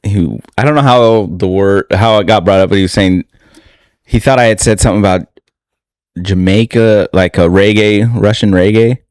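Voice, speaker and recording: Casting: deep-ish young man, loose rambling podcast co-host, crude humor, dry close mic. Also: normal speed, darkish tone, clean tone, no echo. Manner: rambling, laughing, swears freely. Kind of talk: casual crude podcast banter.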